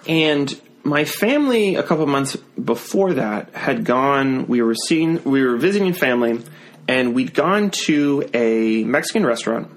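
A man's voice: mid-range voice, expressive, unhurried. A man guesting on a podcast, telling a story in casual chat with lots of restarts and self-deprecating asides.

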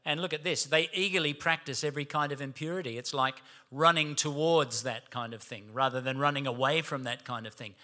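A man's voice: medium pitch, a little fast, few pauses, pushed and bright. A man preaching a sermon, storytelling and emphatic. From Australia.

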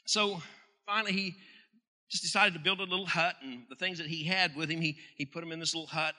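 A man's voice: high-pitched, bright, forceful tone. A male pastor preaching a sermon, stressing questions hard and often restarting his words. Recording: hall reverb.

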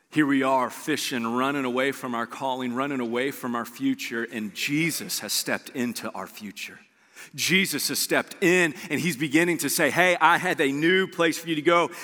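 A male pastor preaching a sermon, animated, his voice leaping up for emphasis and acting out the people in his stories. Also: mid-range voice. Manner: acts out quoted dialogue. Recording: long hall reverb.

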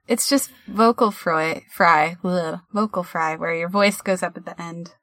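A woman's voice: on the low side, measured pace, fairly bright tone, dry recording. A woman co-hosting a casual podcast, joking around in a playful, scatterbrained way. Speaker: podcast co-host.

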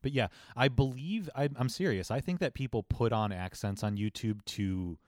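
Low-voiced, reflective man chatting on a podcast. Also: normal speed, no echo, studio quality. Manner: relaxed and reflective, explains his points at length. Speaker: podcast co-host. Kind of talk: casual chat.

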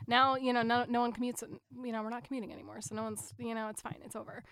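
A woman's voice: fairly high pitch, level tone, fast, fairly bright tone, smooth, no room sound. A woman co-hosting a casual TV recap podcast, talking frankly, swearing casually and laughing often. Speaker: podcast co-host.

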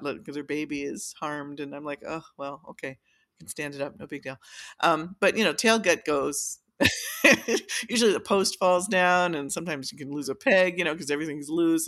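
This podcast guest is a violin maker with a low, fairly bright voice. In casual chat she relates something that happened in her workshop, frequently restarting her sentences, using many fillers and laughing a lot.

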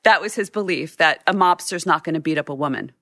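A woman photographer telling stories in an interview, animated and acting out what people said, with frequent restarts. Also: deep voice, fast talker, no room sound. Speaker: news photographer. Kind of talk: storytelling in a sit-down interview.

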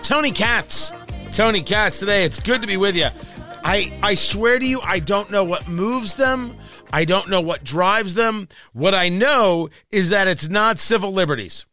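A man's voice: sits high, animated, a little slow, pushed and bright, soft background music. A man hosting a talk radio show, delivering a combative, sarcastic political monologue.

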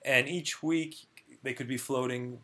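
Interviewed conversationally, a man in clinical research describes his work in earnest, frequently repeating words at the start of a thought. His mid-range voice is sharp in tone, steady and unhurried.

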